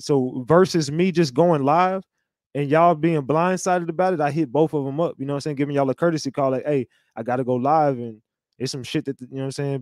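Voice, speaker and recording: A man's voice: medium pitch, a little mellow, no echo, clean studio sound. Blunt heated man on a livestream. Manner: blunt, heated, repetitive restarts. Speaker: livestream host. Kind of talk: casual livestream monologue.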